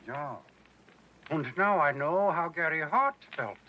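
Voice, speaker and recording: A man's voice: fairly high pitch, expressive, takes it slowly, sharp tone, slight background noise, exaggerated voice, low-quality recording. An actor playing a feeble old male professor who hides a villainous past, wry and evasive. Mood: sly. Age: older.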